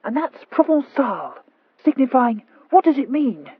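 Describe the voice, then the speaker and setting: A woman voicing a tipsy, stolid young Regency gentleman who speaks in slow, clipped, dogged phrases. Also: sits high, big pitch swings, slightly rough, no echo, phone-quality sound, pitched above the performer's own voice, heavily acted.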